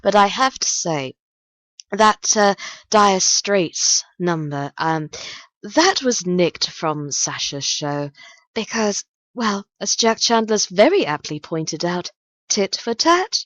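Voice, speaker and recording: A woman hosting a radio request show, chatting casually and reading a poem aloud in a slow, dramatic way. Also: on the low side, lively intonation, a bit bright, no room sound. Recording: dull, lo-fi and dry.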